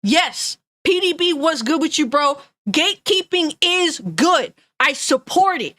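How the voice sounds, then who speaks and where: A woman's voice: sits high, animated, unhurried, sharp tone, no room sound. A woman gaming news streamer ranting angrily and bluntly, swearing often and reading chat comments aloud. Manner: angry, profane, blunt.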